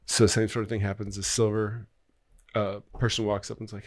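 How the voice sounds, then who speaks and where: A man sits in on a podcast and talks through a story at a rapid, rambling clip, swearing casually as he goes. His voice sits fairly low. The recording is dry and close, with no room sound. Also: level tone, no echo. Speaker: podcast guest, screenwriter. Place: podcast studio.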